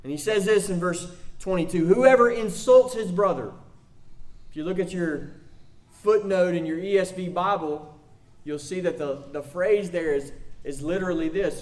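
A man's voice: high voice, measured pace. A man preaching a sermon in an earnest way, building to emphatic peaks. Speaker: pastor.

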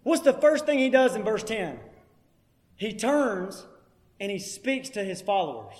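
High-voiced preacher in a reverberant hall. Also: male voice, big pitch swings, unhurried, darkish tone. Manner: emphatic, repeats key phrases. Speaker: pastor. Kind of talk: sermon.

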